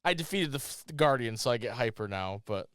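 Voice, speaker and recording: A man hosting a gaming video, giving rambling, jokey playthrough commentary, cursing freely and breaking into loud yelps. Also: mid-range voice, a little fast, clean tone, no room sound, clean studio sound. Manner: excitable, swears freely, bursts into loud yelps. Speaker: gaming channel host.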